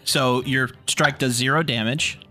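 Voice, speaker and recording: Man, game master, casual tabletop narration, relaxed filler words, faint music behind. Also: mid-range voice, a little slow.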